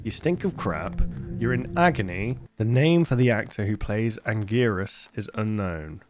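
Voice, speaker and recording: A man's voice: lowish voice, expressive, a little slow, music in the background. Chatty young man reacting. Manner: chatty, joking asides. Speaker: host. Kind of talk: casual reaction commentary.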